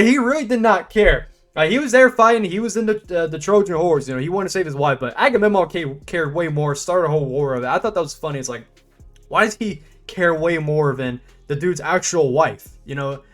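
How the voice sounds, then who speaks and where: A young man talks through a film in a loose, rambling review, stumbling over restarts and fillers. His voice sits a bit high, and he jumps into animated, laughing bursts. Faint music plays softly behind him. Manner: rambling, stop-start, many fillers and restarts. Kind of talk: casual spoken movie review.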